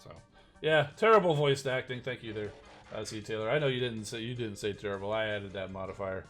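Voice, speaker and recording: A man's voice: on the low side, fairly quick, a bit bright, soft background music. A man streaming a mobile game live and chatting casually, rambling and self-deprecating with lots of fillers.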